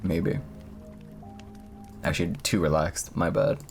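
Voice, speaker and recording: A man's voice: deep voice, fairly even intonation, slow pace, creaky, darkish tone, faint music behind. A young man live-streaming, chatting casually with viewers in a rambling, profane way. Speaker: streamer reading horror stories.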